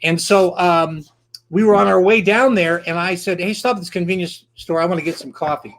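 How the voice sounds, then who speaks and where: A man's voice: sits high, a little fast, fairly bright tone. A man casually telling a historical story in a rambling way, with frequent filler words and restarts.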